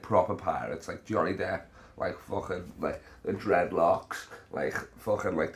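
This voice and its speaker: Man, young adult, lowish voice, rambling, sweary, podcast host. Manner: rambling, swears a lot, frequent fillers. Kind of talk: casual storytelling chat.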